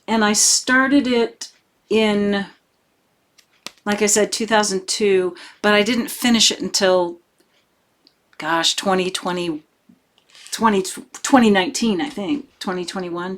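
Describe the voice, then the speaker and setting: Slow-talking woman chatting to camera. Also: medium pitch. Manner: chatty, gushing, full of fillers. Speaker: cross-stitch vlogger. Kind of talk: casual chat to camera.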